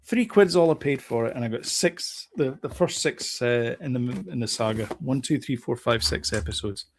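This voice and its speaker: A man's voice: mid-range voice, expressive, normal speed, a little hiss or hum. A British man co-hosting a casual chat show, laid-back and chatty, often repeating his phrases. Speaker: show co-host.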